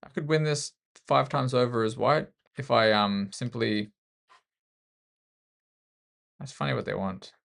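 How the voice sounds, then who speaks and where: Speaking at a measured pace, this Australian chess streamer has a gravelly, slightly bright mid-range voice and pauses often. He narrates his game with self-deprecating humor and kids around with the person he's playing.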